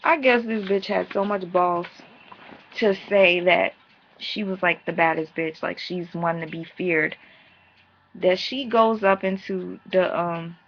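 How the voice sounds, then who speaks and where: Brief: sassy, profane woman vlogger, gravelly fry in her voice, lo-fi home recording. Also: on the low side. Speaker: vlogger reviewing a reality show. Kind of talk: casual recap rant.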